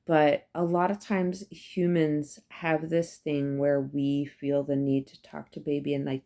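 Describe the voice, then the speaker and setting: Female professor with a low voice, conversational lecture, emphatic with lots of fillers. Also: little pitch movement, measured pace, hardly any pauses, warm tone. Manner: chatty and emphatic, many fillers and asides. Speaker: psychology professor. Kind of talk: casual recorded lecture.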